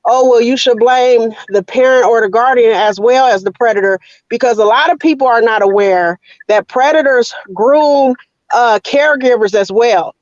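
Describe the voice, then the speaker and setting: A woman speaking as a panel guest, measured and hesitant, with pauses and fillers. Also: fairly high pitch, no echo, highs cut off. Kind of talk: casual panel talk.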